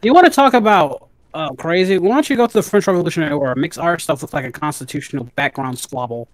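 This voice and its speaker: Sarcastic woman gamer, lively pitch. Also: fast, no room sound. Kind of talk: gaming stream banter.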